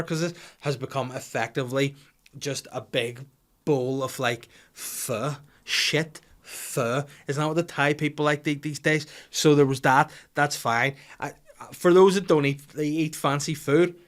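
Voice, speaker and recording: A man's voice: a little high, normal speed, a bit bright. A man, a comedian hosting a podcast, telling a rambling, sweary comic story.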